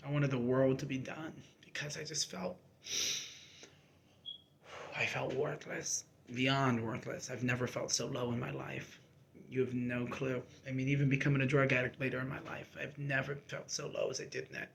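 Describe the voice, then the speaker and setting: A man's voice: mid-range voice, moderate pace, vocal fry, a bit bright. A young man candidly telling his own story, emotional and rambling, with many fillers and restarts. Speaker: army reservist sharing his story. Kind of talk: personal storytelling to camera.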